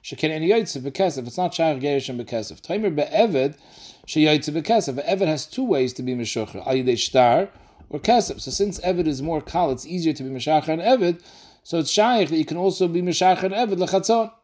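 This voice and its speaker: A man teaching a daily Talmud class, explaining quickly and mixing in Aramaic and Yiddish terms. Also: fairly high pitch, lively intonation, darkish tone.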